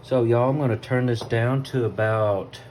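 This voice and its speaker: Folksy Southern man with a mellow voice. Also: mid-range voice, steady tone, moderate pace, a little hiss or hum. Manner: folksy, chatty, addresses viewers as y'all. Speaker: cooking video host. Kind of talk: casual cooking vlog. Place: home kitchen.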